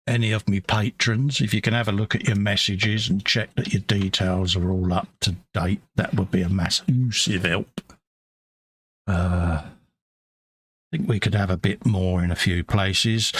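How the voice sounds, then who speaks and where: A man's voice: deep voice, fairly bright tone, husky. A British man hosting a live stream, chatting casually and muttering asides to himself as he paints models. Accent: British English. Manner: chatty, mumbling asides to himself while working. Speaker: livestream host painting models. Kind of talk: casual chat while painting.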